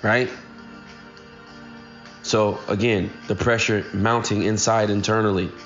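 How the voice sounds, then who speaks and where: A man's voice: lowish voice, level tone, slow, fairly bright tone, lo-fi sound, faint music behind. A man in his thirties giving a casual, earnest motivational talk straight to his listeners. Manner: earnest, addresses listeners directly. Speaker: motivational speaker.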